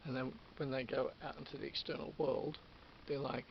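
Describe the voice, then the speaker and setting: Gravelly, rambling Australian man in his fifties. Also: mid-range voice, level tone, moderate pace. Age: 50s. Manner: rambling, repeats himself, many restarts. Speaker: vlogger. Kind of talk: rambling monologue. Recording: dull lo-fi with hiss.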